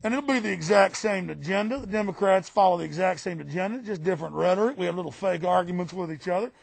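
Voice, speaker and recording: A man's voice: sits high, fast, gravelly, no room sound. A man voicing a smug, boastful mock Texan politician in a put-on Texan drawl, mocking and cackling. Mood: gloating. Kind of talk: political satire impression.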